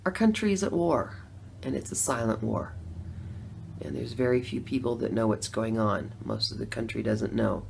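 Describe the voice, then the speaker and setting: With slight background noise, a middle-aged woman who used to vote Democrat recounts her story at a moderate pace. Her very deep voice is creaky and darkish in tone, and she keeps it conversational, laughing a lot and acting out how she reacted.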